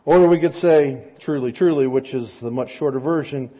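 A man's voice: mid-range voice, moderate pace, slightly rough, dull audio. A man preaching a sermon in a conversational, relatable way, often checking in with "right?" asides. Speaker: pastor.

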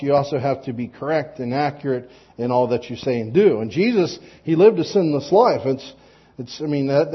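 Husky, higher-voiced man preaching casually. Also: lo-fi sound. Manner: plain-spoken, frequent restarts and repeated words; light joking asides. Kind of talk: conversational sermon.

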